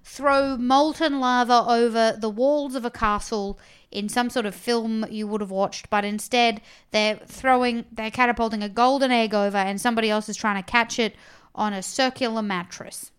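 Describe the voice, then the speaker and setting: Young Australian woman, podcast co-host, smooth, slightly high voice, rambling casual chat. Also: fairly even intonation, moderate pace. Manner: rambling, chatty, trails off into soft asides.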